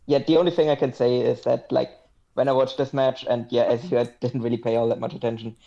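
Mellow-voiced man rambling on lo-fi audio. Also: mid-range voice, little pitch movement, quick pace, creaky. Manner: rambling, many fillers, sardonic. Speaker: podcast guest. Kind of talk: casual podcast chat.

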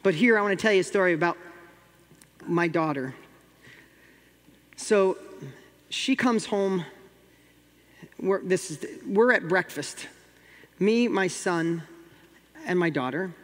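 A man's voice: sits high, takes it slowly, pauses often, a bit bright, long reverb tail. A middle-aged man from New York with a New York accent, telling a motivational story as a guest and acting out the dialogue with rising intensity.

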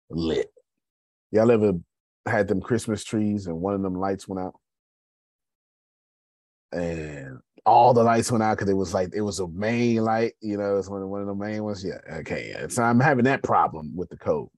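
A man's voice: sits low, darkish tone, dry recording. A man, talking casually to his listeners about his business, calling them y'all. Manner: conversational, addresses listeners as y'all. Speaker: host. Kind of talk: motivational business talk.

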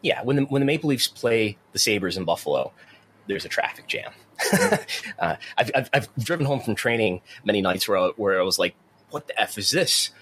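A man's voice: fairly low pitch, animated, normal speed, fairly bright tone, slight background noise. A man co-hosting a podcast in casual chat, often repeating his first words as he starts a sentence. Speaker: podcast co-host.

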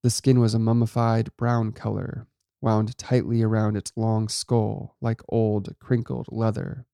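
A man narrating a first-person horror story in a steady, low-key way. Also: a little slow, creaky, clean tone, no room sound, clean studio sound.

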